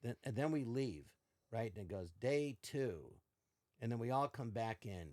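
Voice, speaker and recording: A man's voice: mid-range voice, moderate pace, dry recording, clean studio sound. An older man, a podcast guest, telling stories in casual chat and acting out quoted lines with shifting voices. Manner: animated, acts out quotes in varied voices.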